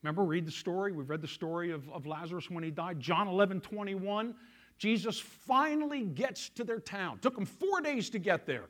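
A male pastor preaching a sermon, telling a story and swinging from loud emphasis to hushed quiet. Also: high-pitched, lively intonation, moderate pace.

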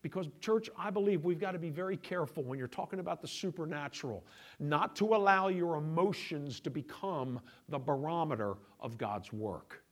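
A middle-aged pastor delivers his sermon in a slightly higher voice. He talks to the congregation as if in conversation, dropping to quiet asides and then pressing his points harder. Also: brisk. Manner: conversational preaching, shifting between quiet asides and raised emphasis.

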